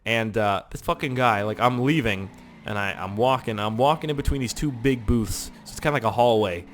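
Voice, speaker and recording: A man's voice: medium pitch, a little fast, faint music behind. A man from Canada, telling rambling, profane stories while he plays a game. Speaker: gaming YouTuber. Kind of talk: casual storytelling over gameplay.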